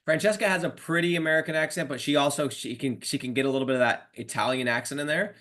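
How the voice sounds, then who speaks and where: A man hosting a casual podcast interview, talking in an animated, slangy way and calling his guest dude and bro. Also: a little high, quick pace. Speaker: podcast host and mentor.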